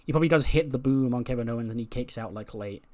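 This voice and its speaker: Male video host narrating a game recap, casual, profane, mid-pitched voice. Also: quick pace, darkish tone. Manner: chatty, profane, laughs while telling.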